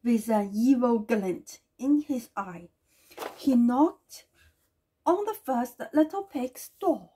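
A woman reading a children's storybook aloud in a gentle way, with small slips and restarts. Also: a little high, lively intonation, slow, slight background noise.

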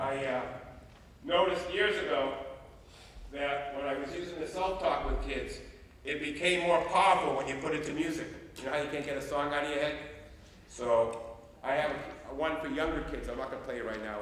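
A man giving a humorous storytelling talk as a youth care trainer, animated and jokey. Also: mid-range voice, a little hiss or hum. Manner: animated, jokey, breaks into singing. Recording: echoey hall, mic from far off.

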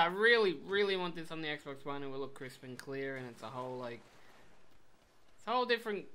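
A young man giving rambling, swear-heavy commentary on a game, with sudden loud outbursts. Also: fairly high pitch, a little hiss or hum. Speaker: gameplay commentator. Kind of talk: casual let's play commentary.

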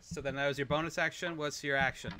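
A man's voice: on the high side, steady tone, fast talker, sharp tone. A man acting as dungeon master, easygoing and prompting the players with questions as he narrates the game.

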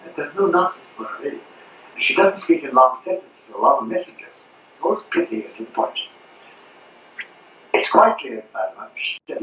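A man's voice: mid-range voice, animated, moderate pace, pauses often, a bit bright, slight background noise. An older man giving an impassioned talk to an audience, emphatic, repeating words and asking rhetorical questions. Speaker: speaker at a public talk. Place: hall at a 1992 public talk. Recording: roomy, distant, muffled old audience recording.

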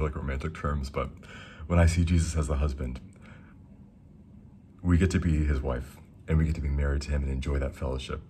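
A young man giving a casual, rambling devotional talk, reading verses slowly and enthusing between them. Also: extremely low pitch, darkish tone, a little hiss or hum. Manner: reads scripture slowly. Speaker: Christian speaker.

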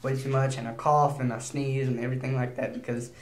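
A teenage boy vlogging in a casual, rambling way, nervous and prone to quick bursts of speech. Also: medium pitch, level tone, roomy sound, background noise. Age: teens. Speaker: YouTuber.

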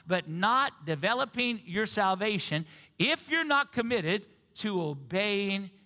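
A man's voice: high-pitched, expressive, takes it slowly, bright, forceful tone. A male pastor preaching a sermon and getting the congregation to repeat phrases back. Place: church sanctuary. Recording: reverberant church sanctuary.

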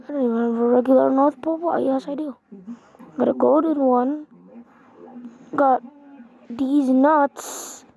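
A woman giving casual commentary on her games in a high voice with a gravelly edge. She talks at an easy, unhurried pace and swears freely as she gets excited. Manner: excitable, swears a lot, reacts loudly to the game. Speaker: gaming vlogger. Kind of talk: casual let's-play commentary.

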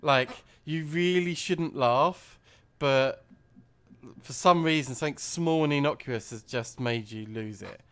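A man's voice: fairly high pitch, measured pace, fairly bright tone, clear, resonant tone. A man chatting casually while playing a video game, rambling through a funny story and laughing easily. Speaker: let's play host. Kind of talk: casual gameplay chat.

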